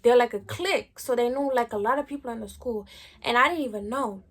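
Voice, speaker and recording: A woman's voice: on the high side, fairly quick. A young adult woman vlogger telling a story in slangy, chatty talk full of "like". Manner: slangy, chatty, lots of "like" fillers. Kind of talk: casual storytime chat.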